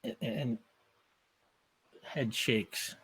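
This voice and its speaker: A man narrating a tabletop game as game master, halting and stacking repeated words and fillers. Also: medium pitch, a bit bright, slightly rough.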